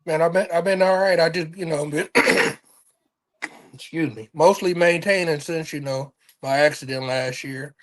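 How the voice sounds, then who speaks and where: A man's voice: on the high side, fairly even intonation, normal speed. A man from the Pacific Northwest, a podcast guest, answering in a laid-back, casual way. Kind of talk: casual chat.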